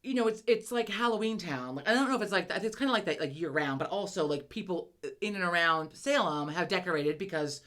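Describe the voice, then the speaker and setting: A young woman co-hosting a casual chat show, telling animated stories full of swearing and loud acted-out quotes. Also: lowish voice, fairly quick, few pauses. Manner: animated storyteller, swears a lot, acts out quotes loudly. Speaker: podcast co-host.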